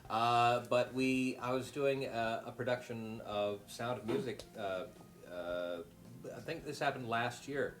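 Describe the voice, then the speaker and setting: A man on a panel who tells a theater story in a halting way, searching for his words. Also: mid-range voice, fairly bright tone. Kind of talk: casual storytelling.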